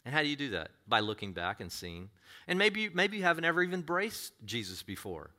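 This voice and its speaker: A man preaching a sermon, moving from easy conversational talk to loud, impassioned preaching, often repeating and restarting words. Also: fairly high pitch, sing-song, fairly quick. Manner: repeats and restarts words, acts out quoted voices. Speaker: pastor.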